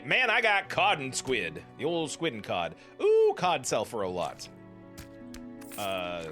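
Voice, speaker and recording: A man's voice: mid-range voice, wildly swooping pitch, slow pace, a bit bright, soft background music. A man hosting a casual let's play, chatting playfully and meowing to himself while he fishes. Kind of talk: casual gameplay commentary.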